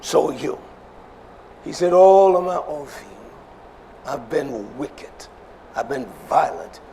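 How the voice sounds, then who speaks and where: A male preacher delivering an emphatic sermon, swinging between shouts and low murmurs and repeating phrases for emphasis. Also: expressive, slow pace, a little hiss or hum.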